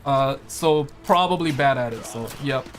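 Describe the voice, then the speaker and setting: A man's voice: medium pitch, moderate pace. A young man from Quebec hosting a casual livestream, chatting loosely and reading viewers' messages aloud. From Quebec, Canada. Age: young adult. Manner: relaxed, chatty, reads chat aloud. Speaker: livestream host.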